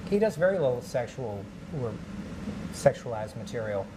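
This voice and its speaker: A man, a comedian guest, chatting casually on a podcast and telling animated stories with quick character voices. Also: mid-range voice, background noise.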